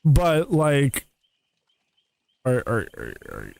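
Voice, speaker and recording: A man's voice: mid-range voice, wildly swooping pitch, drawn-out words, gravelly, a little mellow, no echo. A reaction streamer, a man, teasing and sarcastic as he mocks a clip, laughing between remarks. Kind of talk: mocking reaction commentary.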